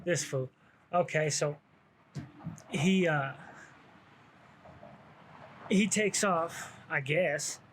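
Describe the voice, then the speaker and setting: Man, casual slangy storyteller, slightly high voice, loose street talk, swearing. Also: drawn-out words, long pauses, a little hiss or hum. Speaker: vlogger telling his own story.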